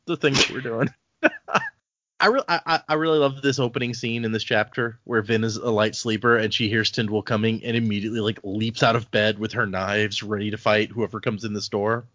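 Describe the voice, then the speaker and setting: A man's voice: on the low side, steady tone, normal speed, a bit bright, no room sound, lo-fi sound. Dry-miked man chatting playfully. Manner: playful, quotes characters in silly voices. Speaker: podcast co-host. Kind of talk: casual book-club chat.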